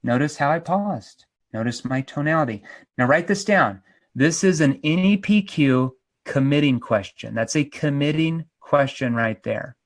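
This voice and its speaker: Energetic, emphatic male sales trainer. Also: on the high side, a little slow. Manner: energetic, emphatic, acts out role-plays. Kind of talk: sales seminar teaching.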